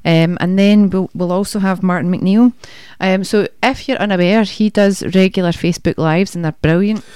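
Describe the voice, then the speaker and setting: A woman's voice: medium pitch, fairly even intonation, moderate pace, a little mellow, clean tone, no room sound. A woman with a Scottish accent co-hosting a casual music show, chatty and rambling. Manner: chatty, rambling, laughs easily. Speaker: co-host. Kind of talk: casual radio chat.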